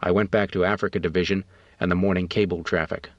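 A man narrates an audiobook in a measured, matter-of-fact way. His voice is low. The recording is dull and very dry. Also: flat delivery, no echo.

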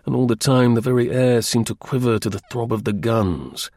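A male narrator reads a first-person story at a measured pace, with a wry, even delivery. His voice sits in a middle register. The recording is dry and close, with no room sound. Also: medium pitch, no echo. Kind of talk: audiobook narration.

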